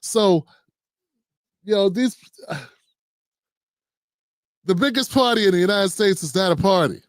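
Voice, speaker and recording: A laid-back man hosting a livestream, reacting to a news clip in loose, conversational commentary. His voice sits a little high for a man. The sound is close and dry, with no room around it. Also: measured pace, no echo. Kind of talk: casual commentary.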